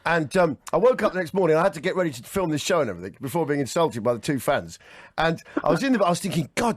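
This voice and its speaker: Lively, high-pitched man hosting radio. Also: husky, dry recording. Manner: rambling, self-mocking anecdotes full of restarts. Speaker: radio breakfast show host. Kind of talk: chatty radio banter. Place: radio studio.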